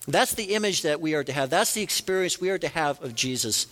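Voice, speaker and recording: A man's voice: fairly high pitch, animated, a little fast, a bit bright. A man preaching a sermon as a pastor, earnest, rising and falling for emphasis. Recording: long reverb of a large hall.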